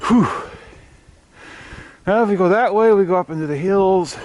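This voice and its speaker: Man, high voice, coaxing his dogs, short repeated commands, outdoors in snowy woods, loud wind noise. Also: animated, normal speed, long pauses. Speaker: vlogger biking with his dogs. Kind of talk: casual talk to his dogs while riding.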